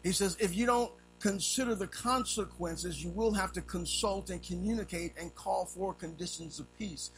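Male preacher, high raspy-edged voice, animated storyteller, low music and hum under him. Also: normal speed, hardly any pauses, poor audio. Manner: storytelling with vivid sound effects, swings between loud and hushed. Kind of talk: sermon.

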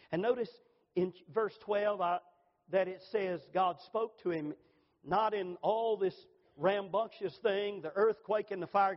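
A middle-aged male pastor preaching a sermon with an altar call, fervent and emphatic, dropping to a hush for the invitation. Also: high voice. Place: church sanctuary. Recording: long hall reverb, dull lo-fi sound.

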